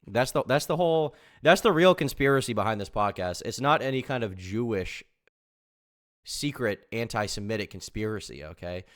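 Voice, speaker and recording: A young man streaming, reacting to a podcast with rambling commentary and sudden loud outbursts. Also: on the low side, animated, normal speed. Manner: rambling, repeats himself, sudden loud bursts.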